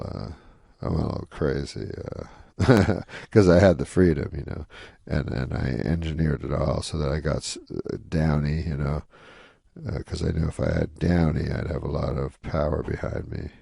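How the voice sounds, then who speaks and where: Fifties man from Canada, wry rambling storyteller, deep voice with fry, dry close sound. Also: dark tone, no echo. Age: 50s. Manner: rambling, wry, full of asides. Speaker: interview guest, comedian. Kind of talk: casual anecdotal storytelling.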